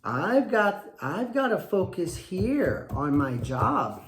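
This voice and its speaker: Male wrestling coach, fairly high voice, punchy and repetitive, recorded in an echoey space. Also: very animated, takes it slowly, a bit bright, slight background noise. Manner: acts out little parent dialogues, emphatic and repetitive. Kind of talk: animated coaching talk.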